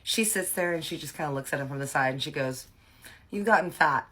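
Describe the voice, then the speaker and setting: Low-voiced woman telling a dramatic story. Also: fast talker. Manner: animated, dramatic, slangy. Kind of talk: storytime vlog.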